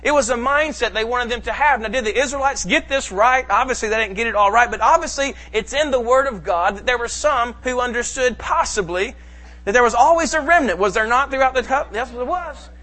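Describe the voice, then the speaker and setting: A man preaching a sermon to a congregation, reading scripture slowly and with emphasis. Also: very high voice, bright, forceful tone. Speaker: pastor. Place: church sanctuary.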